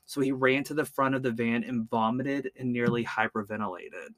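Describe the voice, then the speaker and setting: A man's voice: mid-range voice, normal speed, a bit bright, no room sound. A man hosting a podcast, telling a true-crime story in a casual, chatty way, often stumbling over words and saying "like.". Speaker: podcast host.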